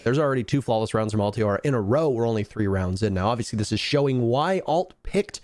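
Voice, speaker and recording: A man's voice: medium pitch, lively intonation, fast talker, a little mellow, dry recording, studio quality. A man doing color commentary on an esports match, breaking down play in an emphatic, analytical way.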